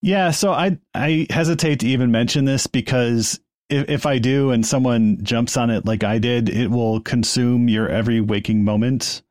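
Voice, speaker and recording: A chatty man co-hosting a podcast, with a voice of average pitch. He pokes fun at himself and laughs along as he talks through his hobby. The recording is dry and close. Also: moderate pace, few pauses, a little mellow, dry recording. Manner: chatty, self-deprecating. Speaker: podcast co-host. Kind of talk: casual panel chat.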